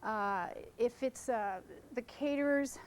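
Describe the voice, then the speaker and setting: A middle-aged woman talks photographers through her wedding work in a loose, chatty seminar style. Her voice sits a little high, and she jokes with the audience and jumps from one point to the next. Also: takes it slowly, rough recording. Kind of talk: informal seminar talk to photographers. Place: conference room.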